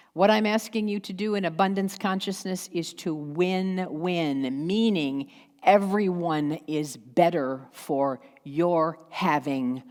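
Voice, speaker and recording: Slow-preaching woman pastor in echoing hall. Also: fairly low pitch, a little mellow. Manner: slow, emphatic preaching with pauses and acted asides. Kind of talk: sermon. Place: church sanctuary. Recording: long hall reverb.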